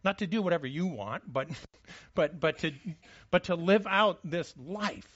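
Pastor, male, fairly high voice, conversational sermon full of restarts and "all right?" check-ins, muffled lo-fi church recording. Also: animated, unhurried, fairly bright tone, husky. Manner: frequent restarts and repeated words, checks in with listeners. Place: church service.

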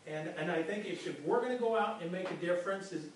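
A man's voice: high voice, fast talker, slight background noise. A male pastor giving a conversational sermon, often repeating words as he speaks. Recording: echoey room from far off.

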